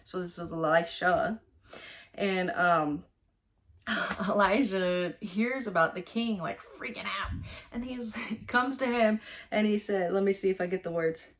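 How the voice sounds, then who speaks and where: A woman's voice: medium pitch, measured pace. A woman casually talking through a Bible passage in a rambling way, with many fillers and restarts. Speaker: vlogger.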